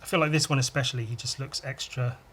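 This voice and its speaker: A man chatting casually through a drawing podcast, talking to himself as he works. His delivery is loose and rambling, full of crude asides and self-mocking jokes, with a middling pitch. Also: fairly even intonation, fast, pushed and bright, slight background noise. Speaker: podcast host and illustrator.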